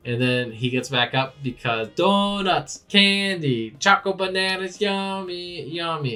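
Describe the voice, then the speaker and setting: A man hosting a manga reaction, recapping a chapter in casual chat and acting out the characters' lines. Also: medium pitch. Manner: animated, acts out characters' lines with laughs.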